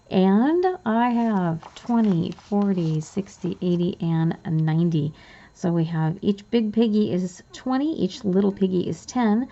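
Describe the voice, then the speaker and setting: Casting: excitable woman budget vlogger, warm gravelly voice, slightly dull lo-fi audio. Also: medium pitch, slight background noise. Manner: bubbly, chatty, easily excited. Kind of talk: casual cash envelope walkthrough.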